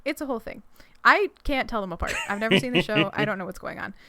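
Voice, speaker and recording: This podcast co-host, a young adult woman, has an expressive, mid-range, slightly bright voice and talks fast with no echo around her. In casual chat she reads a fic summary aloud, giggling and retelling the story with plenty of rambling fillers and restarts.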